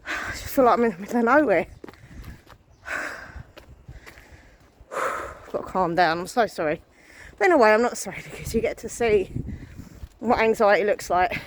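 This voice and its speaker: This vlogger, a woman in her thirties, records herself on foot down a residential street, winded and nervous. Her voice sits in the mid-range over slight background noise, and she chats in a self-deprecating way, often sighing.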